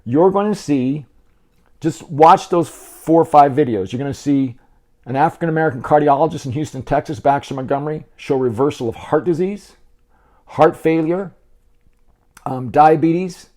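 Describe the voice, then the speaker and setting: A man's voice: fairly high pitch, moderate pace, a little mellow. A man hosting a casual health video, talking to the camera between bites, chatty and encouraging, often repeating and restarting words. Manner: encouraging, speaks straight to the viewer. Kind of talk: casual talk to camera while eating.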